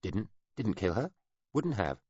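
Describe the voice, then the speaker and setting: Man reading as an upset little child, high and pleading, husky, dry muffled read. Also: sing-song, measured pace, darkish tone, no echo, full character voice. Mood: defensive. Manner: defensive, tearful. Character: upset young child denying accusations.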